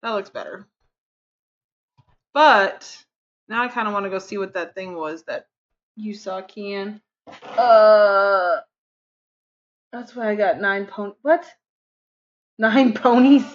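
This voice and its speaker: Chatty woman streamer, rambles to chat, hums while working; mid-pitched, lo-fi mic. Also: slow, long pauses. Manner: hums and counts under her breath. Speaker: game streamer. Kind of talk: casual live-stream chat.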